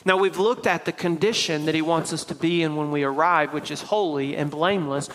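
A man's voice: fairly high pitch, brisk, fairly bright tone, in a large hall, poor audio. A man with a Tennessee accent preaching a sermon from the pulpit, explaining scripture step by step in a conversational way. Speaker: pastor. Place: church sanctuary.

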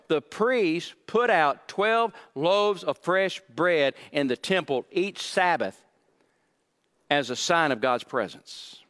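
Male pastor, high-pitched, casual preaching style, reverberant sanctuary sound. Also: fairly bright tone. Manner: conversational preaching with repeated emphatic phrases. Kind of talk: sermon.

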